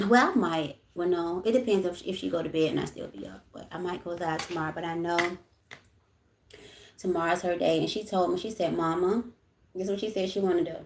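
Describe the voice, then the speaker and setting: A woman's voice: on the low side, gravelly, darkish tone. A young adult woman, chatting frankly on a livestream, swearing freely and often asking "you know what I'm saying". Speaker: livestream host. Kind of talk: casual livestream chat. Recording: echoey room.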